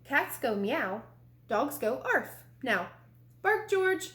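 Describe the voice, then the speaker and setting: A woman doing a high, insistent dog mother. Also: sing-song, slow, fairly bright tone, exaggerated voice. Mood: coaxing. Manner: patient, repetitive coaxing commands. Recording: roomy echo.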